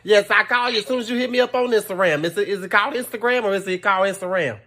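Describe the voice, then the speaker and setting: A man's voice: high-pitched, racing, pushed and bright. A man doing an impression of a brash, sassy older Southern grandmother, bossy and drawling on a comic phone call. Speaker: prank caller.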